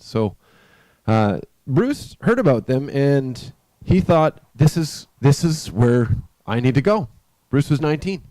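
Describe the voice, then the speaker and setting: A man with a mellow, dark voice recounts a story at an unhurried, conversational pace. His sound is dry and close, with no room echo. He now and then turns to his listeners with a question. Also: mid-range voice, clean tone. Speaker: live stream host. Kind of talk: spoken storytelling with a spiritual message.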